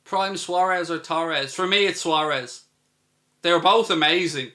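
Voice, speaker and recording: A man's voice: a little high, measured pace, sharp tone. A man from Ireland with an Irish accent, hosting a live football watchalong and chatting through viewer questions. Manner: chatty, reads out viewer questions and answers them. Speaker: host.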